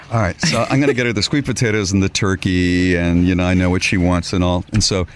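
A man's voice: lowish voice, fairly quick, slight background noise. A man hosting a radio show, telling a story in casual chat and acting out the people in it. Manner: animated, acts out quoted voices.

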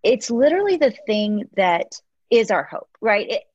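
A woman's voice: mid-range voice, big pitch swings, moderate pace, darkish tone, breathy edge, dry recording, dull audio. A woman hosting a podcast conversation, affirming her guest with frequent short agreements. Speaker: podcast host. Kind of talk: conversational interview.

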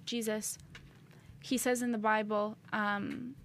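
Earnest, animated faith podcast woman. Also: on the high side, slight background noise. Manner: animated, earnest, quick to rebuke and laugh. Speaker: podcast co-host. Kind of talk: faith-based casual chat.

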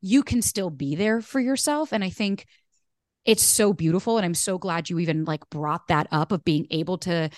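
A woman's voice: fairly low pitch, moderate pace, dry recording. A woman hosting a podcast, chatting candidly and animatedly, cursing freely. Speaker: podcast host. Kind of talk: casual chat.

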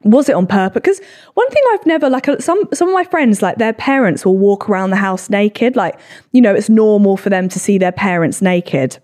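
A woman in her twenties with a low voice, hosting a solo podcast and reading comments with sarcastic, sweary, self-deprecating chat. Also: animated, moderate pace, darkish tone. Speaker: podcast host.

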